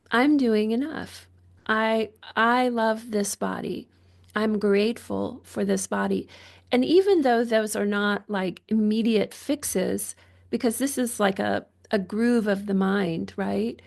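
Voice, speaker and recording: A woman's voice: medium pitch, vocal fry. A woman guest physician speaking reflectively in a podcast conversation, thoughtful and searching with restarts. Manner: thoughtful, searching, with frequent restarts and soft laughs.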